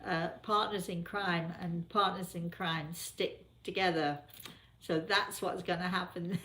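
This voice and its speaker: A woman's voice: lowish voice, fairly even intonation, slow pace, bright, forceful tone. Chatty English woman in an echoey room. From England. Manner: chatty, laughs often. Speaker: host. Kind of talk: casual live chat.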